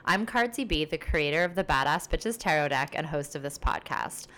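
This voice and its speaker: Solo podcast host, female, low-pitched, casual and rambling, friendly energy. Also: expressive, moderate pace, fairly bright tone. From based in New York City. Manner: chatty, upbeat, rambling with fillers. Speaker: podcast host and tarot reader.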